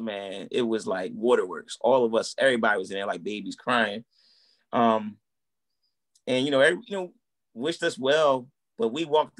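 A man in his thirties tells his story in a relaxed interview. He talks in a loose, chatty way and acts out what people said along the way. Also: medium pitch. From United States. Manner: animated, acts out quoted dialogue. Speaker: guest, musician and minister. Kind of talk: casual conversational storytelling.

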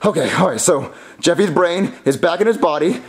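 A man's voice: a little high, animated, fairly quick. A man voicing a jittery puppet dad who stammers and gets flustered. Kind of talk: puppet comedy skit.

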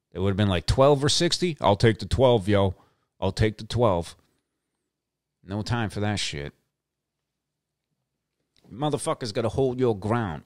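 A man's voice: fairly low pitch, dry recording, studio quality. A middle-aged man hosting a show, talking in a brash, swaggering, profane monologue and repeating lines for emphasis. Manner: brash, swaggering, heavy cursing. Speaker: podcast host.

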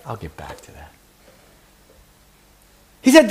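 A man's voice: medium pitch, wildly swooping pitch, unhurried, long pauses, darkish tone. A man preaching a sermon who asks his congregation questions and teases members by name. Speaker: pastor.

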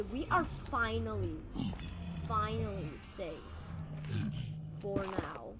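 A woman's voice: medium pitch, slow, long pauses, very noisy. A woman giving let's play commentary on her game, panicky, often shrieking and talking to the creatures on screen. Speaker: gameplay commentator. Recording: loud game sounds under the voice. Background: game music and effects.

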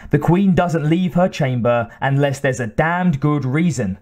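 A man voicing a wary, tough woman marine captain who barks shrill orders. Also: animated, measured pace, darkish tone. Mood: commanding.

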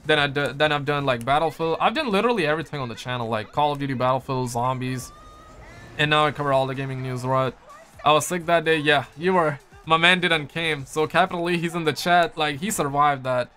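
A man's voice: a little high, brisk, sharp tone. A man live-streaming games, chatting loosely in slang and answering his chat through a headset mic. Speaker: gaming streamer.

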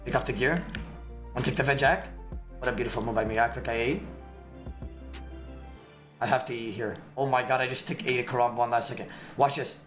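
A man commenting live on his gameplay as a streamer, trash-talking in slang and bursting into sudden shouts. His voice sits in an ordinary middle pitch. It bounces around a roomy, echoey space while music plays clearly underneath. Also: brisk, pauses often. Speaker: game streamer. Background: background music.

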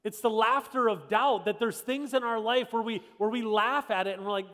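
Male pastor with a high voice, conversational and emphatic, preaching a sermon, recorded with long church reverb. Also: normal speed, fairly bright tone. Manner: conversational, emphatic, repeats rhetorical questions. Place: church sanctuary.

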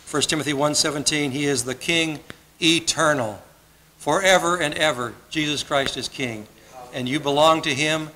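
Bright-voiced male pastor preaching. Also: fairly high pitch, moderate pace, a little hiss or hum, poor audio. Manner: earnest, conversational preaching with repeated phrases. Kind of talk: sermon. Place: church sanctuary.

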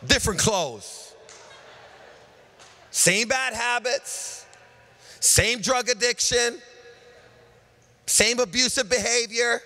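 A middle-aged man preaching a sermon as pastor, piling up lists and swinging between loud calls and hushed asides. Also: very high-pitched, slow pace, pauses often. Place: large church hall. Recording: live church sermon with long hall reverb.

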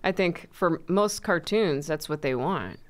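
A woman comedian chatting as a podcast guest, soft-spoken and halting, often trailing off. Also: sits low, expressive. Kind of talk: casual chat.

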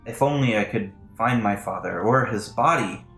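A man's voice: fairly low pitch, moderate pace, a bit bright. A man voicing a young storm giant queen, female, who talks in a commanding, demanding way. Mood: weary. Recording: echoey room, faint music.

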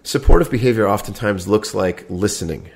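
A middle-aged man co-hosting a podcast, calmly explaining ideas with step-by-step everyday examples. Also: on the low side, brisk, creaky. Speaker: podcast co-host. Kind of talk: casual podcast chat.

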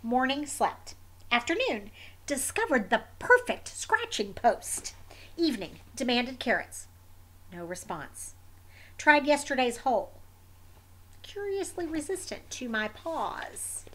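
A woman reading a picture book aloud in the voice of a sleepy, stubborn wombat, in terse, deadpan diary entries. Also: high-pitched, takes it slowly, exaggerated voice.

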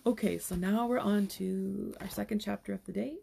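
A woman's voice: medium pitch, steady tone, moderate pace, vocal fry, mellow, a little hiss or hum. A young woman reading a children's novel aloud as a storyteller, with casual asides between passages.

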